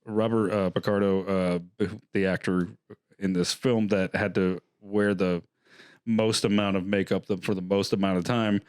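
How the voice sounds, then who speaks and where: A man's voice: low-pitched, little pitch movement, moderate pace, a little mellow, clean tone, dry recording, studio quality. A man hosting a horror film podcast, chatting casually and loosely with lots of fillers and laughs. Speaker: podcast host. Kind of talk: casual chat.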